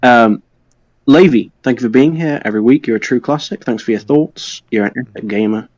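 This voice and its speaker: A young man co-hosting a podcast, thanking listeners with goofy, deadpan nonsense. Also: medium pitch, a little fast, dry recording, dull audio. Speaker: podcast co-host. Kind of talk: casual chat, listener shout-outs.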